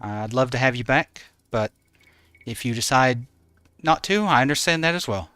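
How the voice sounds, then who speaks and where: Male streamer, bright and smooth, relaxed and chatty with viewers, dry close mic. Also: medium pitch, moderate pace, no echo. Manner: easygoing, greets and thanks chatters by name. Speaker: game streamer. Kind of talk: live stream chat with viewers. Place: home in regional Australia.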